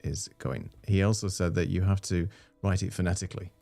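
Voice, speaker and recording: Gravelly low-voiced male livestream host. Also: fairly even intonation, fairly quick, mellow. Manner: chatty, easygoing, with frequent fillers. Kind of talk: casual live stream chat.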